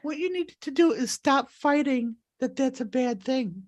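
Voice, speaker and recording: A woman's voice: sits high, expressive, measured pace, a little mellow. A woman hosting a live healing session over a video call, talking in an earnest, rambling way while crying. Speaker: spiritual healer and host.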